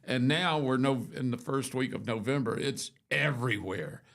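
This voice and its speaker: A man's voice: medium pitch, normal speed. An older man hosting a morning show, telling long rambling stories in casual chat, full of restarts and asides. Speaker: radio show host.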